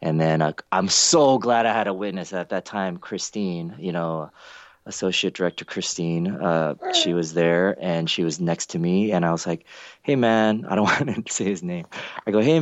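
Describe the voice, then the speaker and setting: A man with a very low voice tells stories in a casual chat and jumps up in pitch when he acts out quotes. The recording sounds dull and dry. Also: dry recording. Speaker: event organizer.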